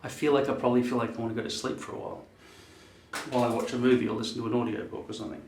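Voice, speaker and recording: A middle-pitched man in his fifties chats to camera in a loose, wandering way, cursing casually as he thinks aloud. The room around him is echoey. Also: flat delivery, very fast, a little mellow, slight background noise. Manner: rambling, swears casually, muses aloud. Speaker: vlogger. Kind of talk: casual rambling chat to camera.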